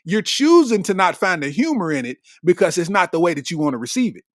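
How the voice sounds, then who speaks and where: High, lively-voiced male comedian. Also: fast talker, dry recording, studio quality. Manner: animated, slangy, laughs at his own jokes. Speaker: comedian podcast host. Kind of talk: comedic monologue.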